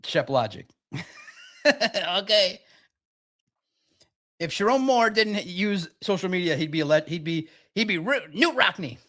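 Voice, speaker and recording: A man's voice: high voice, big pitch swings, a little slow, pauses often, pushed and bright. A man hosting a football talk show, chatting casually and joking as he gives his takes. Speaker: sports talk show host. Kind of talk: casual sports commentary.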